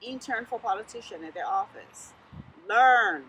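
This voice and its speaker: Southern woman candidate in an interview, punchy and encouraging, says things twice, very animated voice. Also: on the high side, normal speed, muffled recording, slight background noise. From Sierra Leone. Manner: emphatic, encouraging, repeats key phrases. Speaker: political candidate guest. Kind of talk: casual interview talk.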